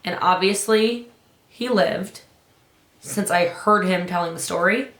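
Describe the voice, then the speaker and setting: An urgent, emphatic woman coach rallies her audience with a bright, forceful voice. Her pitch jumps on the points she stresses. The room around her sounds echoey. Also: unhurried. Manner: emphatic, urgent, rises high on key points. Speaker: business coach. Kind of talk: motivational talk.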